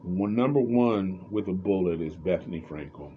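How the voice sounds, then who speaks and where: A man's voice: low-pitched, moderate pace, phone-quality sound, a little hiss or hum. A man commenting on reality TV in a casual, rambling, opinionated way, often restarting his sentences.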